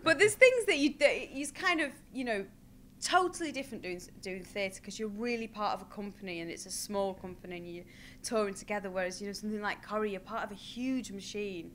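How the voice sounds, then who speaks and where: Give me a lively actress being interviewed, bright and bubbly. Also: female voice, mid-range voice, a little fast, slight background noise. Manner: chatty, laughing, animated storytelling. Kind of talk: casual chat.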